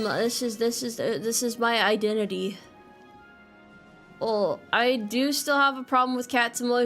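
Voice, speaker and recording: Young woman streaming, kinda high voice, rambles and swears a lot, faint music under it. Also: a bit bright. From United States. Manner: joking, rambling, swears freely, quick laughs. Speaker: VTuber streamer. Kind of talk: casual livestream chat.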